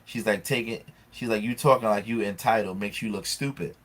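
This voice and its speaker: Profane animated man telling a story. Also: on the low side, brisk. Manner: animated storytelling, profane, acts out both sides of an argument. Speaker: podcast co-host. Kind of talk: casual chat.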